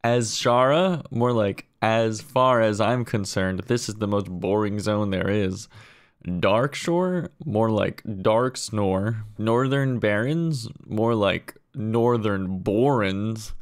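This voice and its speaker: A man doing a comedy monologue of pun roasts in a deadpan way, dropping lower and quieter for each punchline. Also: slow.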